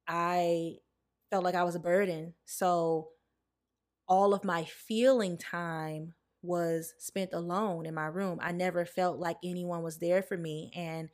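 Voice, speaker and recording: A woman in her late twenties hosting a reflective solo podcast, talking candidly and heartfelt, speaking straight to her listeners. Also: on the low side. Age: late 20s. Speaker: podcast host.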